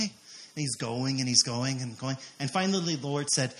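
A man, a missionary preacher, telling a testimony story in an animated way, acting out quotes with many fillers. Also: mid-range voice, fast talker.

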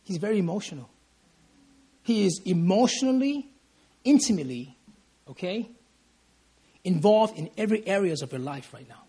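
A man's voice: sits high, expressive, normal speed, long pauses, mellow, husky. A man preaching at a prayer meeting, emphatic and repeating his lines as he calls for "amen" from the listeners. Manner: stumbles and restarts phrases in bursts of feeling. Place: church service.

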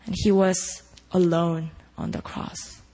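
A woman's voice: lowish voice, little pitch movement, slow pace, warm tone, poor audio. A woman preaching a sermon at a prayer meeting, earnest and full of rhetorical questions put to the listeners.

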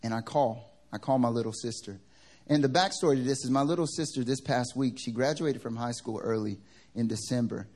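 A male pastor from the American South, preaching a sermon through funny personal stories, animated and joking. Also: mid-range voice, brisk. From Southern United States. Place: church service.

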